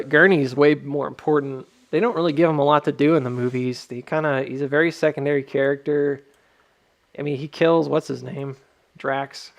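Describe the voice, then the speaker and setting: Creaky-voiced man rambling on a livestream. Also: fairly high pitch, lo-fi sound. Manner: rambling, filler-heavy. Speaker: livestream host. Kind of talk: casual livestream chat.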